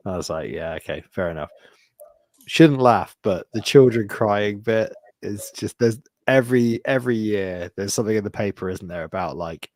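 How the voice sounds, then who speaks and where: Man, podcast co-host, casual storytelling, swears a lot, lowish voice, dry close sound. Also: normal speed, few pauses, darkish tone, dry recording. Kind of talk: casual chat.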